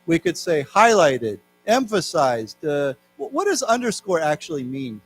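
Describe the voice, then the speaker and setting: A man with an American accent giving a live English lesson, reading news aloud slowly and explaining words to his class. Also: a little high, sing-song, husky. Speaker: English teacher. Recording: faint mains hum.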